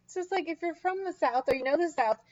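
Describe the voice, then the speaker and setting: A high-voiced woman chats casually about a book she read, bouncing between her own thoughts and playful impressions of the characters. The recording sounds muffled and lo-fi. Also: quick pace. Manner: animated, acts out quoted characters, frequent laughs. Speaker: book discussion co-host. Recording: dull lo-fi recording.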